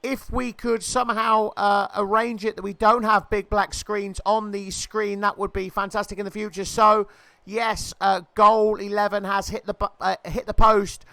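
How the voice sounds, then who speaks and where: A man calls a video game football match in a playful commentator's patter, jumping to excited shouts when the ball nears the goal. His voice sits high and comes across crisp and smooth. The recording is close and dry, with no room sound. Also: normal speed, dry recording. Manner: jokey, rises to excited shouts at near misses and goals.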